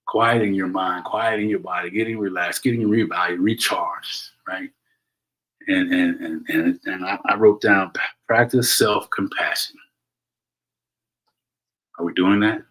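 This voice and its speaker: A man's voice: low-pitched, a little slow, pauses often, a bit bright, low-quality recording. Earnest man giving a motivational talk. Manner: earnest, preachy, repeats "right?" and restarts. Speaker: host. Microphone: solo livestream from home.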